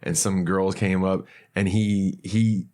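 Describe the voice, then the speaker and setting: A man's voice: deep voice, little pitch movement, slow, darkish tone. A man co-hosting a podcast, telling stories in casual, profane, jokey chat. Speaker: podcast co-host.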